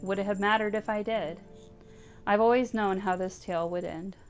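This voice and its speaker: A woman reading aloud as a grieving woman saying goodbye to her old cat, in a soft, tender, pleading way. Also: mid-range voice, steady tone, normal speed, faint music behind, lightly acted. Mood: sorrowful. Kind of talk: reading visual novel text aloud.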